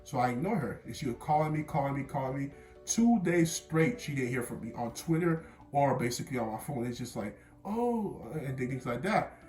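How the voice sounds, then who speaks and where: A man's voice: mid-range voice, animated, a little fast, a little mellow. A young man casually telling a personal story in a vlog, rambling and repeating himself as he goes. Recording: roomy room with faint music.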